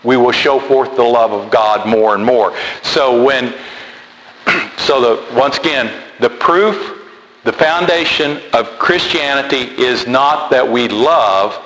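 A man's voice: medium pitch, slow, a bit bright. A man preaching a sermon in a loose, conversational way, repeating words and going off on asides. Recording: roomy hall with long reverb and faint noise.

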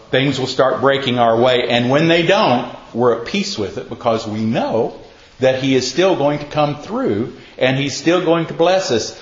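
Folksy preacher man in an echoey hall. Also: mid-range voice. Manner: folksy storytelling, quizzes the listeners. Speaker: pastor. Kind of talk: casual sermon to a congregation. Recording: echoey, muffled room recording.

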